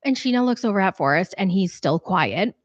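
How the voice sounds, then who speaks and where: A woman's voice: medium pitch, lively intonation, a little fast, no room sound, lo-fi sound. Chatty woman recapping reality TV. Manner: chatty, opinionated, acts out quoted lines. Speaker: host.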